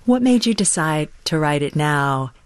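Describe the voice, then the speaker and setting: An interviewer asking measured, reflective questions about a memoir. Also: mid-range voice, expressive, clean tone, no echo, clean studio sound.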